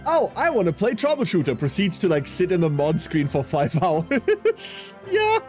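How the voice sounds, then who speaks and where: A man's voice: sits high, huge pitch swings, moderate pace, darkish tone, faint music behind. A man in his thirties streaming a game, chatting casually and rambling with self-mocking humour as he answers chat. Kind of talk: casual live-stream chat while gaming.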